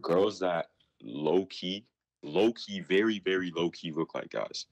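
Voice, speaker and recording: Husky deep-voiced young man calling in. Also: animated, unhurried. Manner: rambling, defensive. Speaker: caller. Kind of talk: casual chat.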